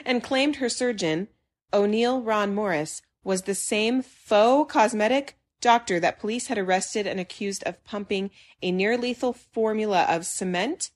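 A young woman chats on a podcast, a lively storyteller who breaks into laughter and acts out what people said. Her voice sits at a middle pitch for a woman. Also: measured pace. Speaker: podcast co-host. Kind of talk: casual chat.

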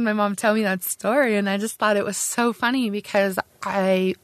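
A woman's voice: mid-range voice, fairly even intonation, moderate pace, no echo. A middle-aged woman, an Army sergeant, telling her own story in an earnest, conversational way with frequent restarts. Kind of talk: personal storytelling.

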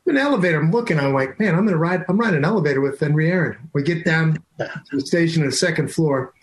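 An older man, a radio talk host, recounting a memory in a lively, excited way. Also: a little high, fast talker, low-quality recording. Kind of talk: casual radio storytelling.

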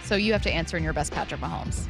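A woman's voice: low-pitched, very fast, creaky, over loud music. A woman hosting a sports radio show, chatty and upbeat.

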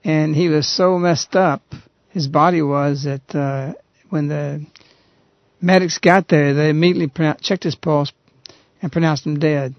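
A man hosting a radio talk show, earnestly retelling a story in a halting, conversational way. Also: on the high side, fairly even intonation, no echo. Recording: dull, lo-fi radio recording.

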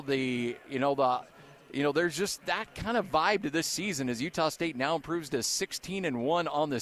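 Excited male postgame radio broadcaster. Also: fairly high pitch. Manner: excited, then thoughtful stat recap with fillers. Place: arena radio booth.

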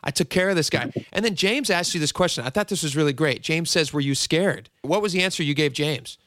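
A man's voice: fairly high pitch, fairly quick, a bit bright, slight background noise. A male radio talk show host interviewing a guest, upbeat and asking leading questions.

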